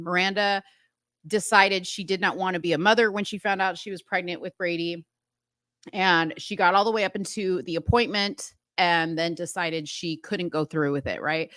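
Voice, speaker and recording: A woman's voice: no echo, studio quality. A woman hosting a casual talk show, animatedly recapping a TV episode and acting out the characters' lines. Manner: animated, acts out dialogue with rising pitch. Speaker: host.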